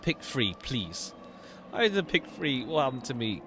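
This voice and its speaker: Male streamer, reads game lines aloud, expressive, mid pitch. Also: a little slow, background noise. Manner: animated, switching between characters. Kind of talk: reading game dialogue aloud.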